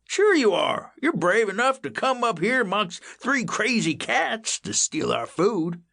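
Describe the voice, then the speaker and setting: A man's voice: fairly high pitch, sing-song, moderate pace, vocal fry, fairly bright tone, slightly rough, voice pushed up, exaggerated voice. A man doing a rambling forgetful old cat. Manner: rambling, repeats himself, teasing. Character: forgetful chatty old male house cat.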